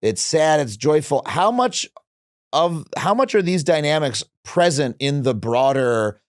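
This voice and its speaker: A man's voice: on the high side, animated, a little slow, dry recording, clean studio sound. A man hosting a podcast interview, talking reflectively with frequent restarts and fillers. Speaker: podcast host. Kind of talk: casual interview conversation.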